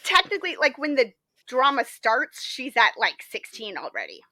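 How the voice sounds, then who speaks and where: Woman podcast co-host, high bright voice, lively casual storyteller, dry close sound. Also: moderate pace, no room sound. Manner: lively storytelling, frequent fillers. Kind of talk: casual chat.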